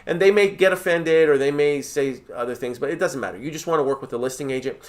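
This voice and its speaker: Speaking to camera as a real estate mentor, a man with a fairly high voice coaches at a quick pace. His advice is direct and emphatic, and he keeps checking in with "right?" and "okay?"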